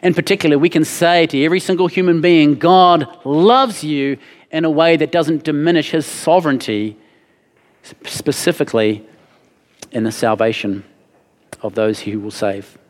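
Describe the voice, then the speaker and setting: A man's voice: fairly high pitch, big-room sound. A man preaching a sermon, earnest and emphatic, repeating his key phrases for weight. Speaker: pastor.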